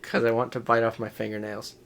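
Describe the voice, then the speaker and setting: A goofy young man chatting on a podcast at a middle pitch. He giggles a lot and breaks into sudden loud outbursts. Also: level tone, quick pace, vocal fry, a little hiss or hum. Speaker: podcast co-host. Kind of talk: casual chat.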